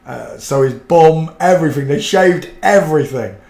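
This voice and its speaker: A man's voice: a little high, lively intonation, normal speed, creaky, a little mellow. A middle-aged man from a fishing town, hosting a livestream and telling rambling, colloquial anecdotes in casual chat. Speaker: livestream host. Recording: roomy echo.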